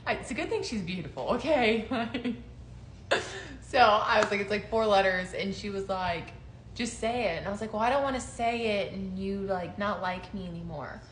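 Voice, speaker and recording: Speaking at normal speed in a medium pitch, this young woman is a co-host recounting her story in relaxed conversation. She laughs, stays animated, and performs the quoted lines. There's faint noise and a roomy echo in the audio.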